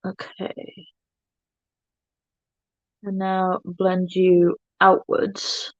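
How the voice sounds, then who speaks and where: A woman's voice: lowish voice, monotone, very slow, no room sound, dull audio. A woman hosting a casual makeup livestream, chatting to her viewers in a self-mocking way while she works. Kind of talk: casual makeup tutorial chat.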